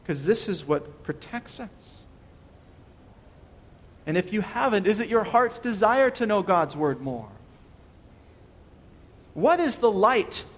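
A man's voice: sits high, in a large hall. A man preaching a sermon, earnest and questioning, often restarting his words. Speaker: pastor.

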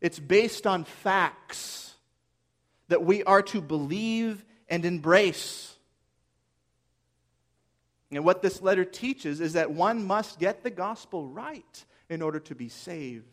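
A man's voice: high-pitched, expressive, slow pace. A man preaching a sermon as pastor, earnest and emphatic, posing rhetorical questions to his listeners.

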